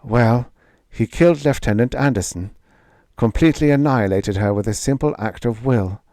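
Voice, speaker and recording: A man voicing a tense young woman captain, urgent then falsely calm, science fiction audiobook, dry close sound. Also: mid-range voice, normal speed, dry recording, natural voice.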